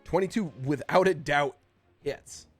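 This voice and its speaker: Brief: man, slightly high voice, laid-back game master who stumbles over words, faint music behind. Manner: casual, halting, full of uh and restarts, calls players bro. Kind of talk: narrating and explaining a tabletop game.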